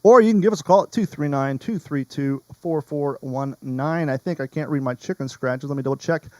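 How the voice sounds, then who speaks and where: A man's voice: a little high, brisk, mellow, no echo. A man hosting a podcast in casual chat, rambling and wandering off topic. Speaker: podcast host.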